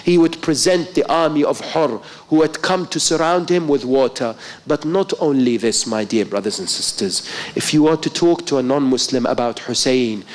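A man's voice: medium pitch, expressive, normal speed. A male preacher giving a sermon, telling a story with impassioned, rising emphasis. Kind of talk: mourning-night sermon.

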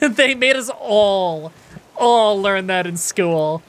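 A woman's voice: mid-range voice, lively intonation, extremely slow. A Canadian woman from Ontario hosts a co-op game session in loose, chatty commentary. She jokes freely and drops casual swear words. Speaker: gaming channel host. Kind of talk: casual multiplayer gameplay commentary.

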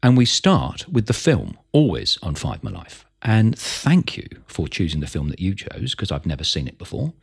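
Lively, husky male podcast host. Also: low-pitched, moderate pace, few pauses. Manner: enthusiastic, effusive, bantering. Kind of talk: casual interview. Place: comedy club.

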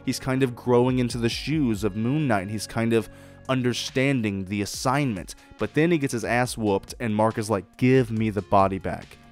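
A man hosting his own podcast, giving a blunt, profane, excitable solo review and acting out quoted lines. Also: medium pitch, moderate pace, faint music behind. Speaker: podcast host reviewing shows. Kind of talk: casual solo review monologue.

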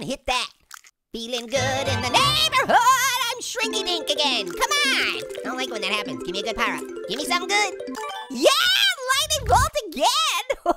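Casting: squeaky, bouncing cartoon orange, giggly trash-talking gamer, bright game music underneath. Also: male voice, heavily acted. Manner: goofy, boastful, trash-talking with toilet humor. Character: cheeky hyper male talking orange. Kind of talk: let's-play game commentary.

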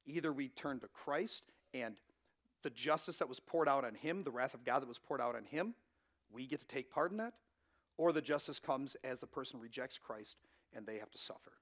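A man's voice: mid-range voice, moderate pace, fairly bright tone. A man in his thirties preaching a sermon as pastor, in a conversational way with frequent asides to the room. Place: church.

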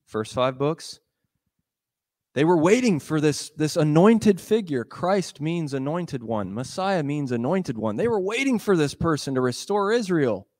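Man preaching in a chatty, animated way. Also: fairly high pitch, measured pace. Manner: animated, acts out the dialogue in voices; conversational, with fillers and laughs. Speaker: pastor. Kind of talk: sermon retelling a gospel story.

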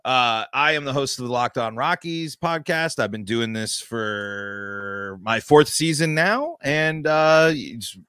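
A man's voice: medium pitch, slow pace, pushed and bright, clean tone, no room sound, clean studio sound. A man hosting a sports podcast, ranting emphatically and frustrated, with many restarts. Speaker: podcast host.

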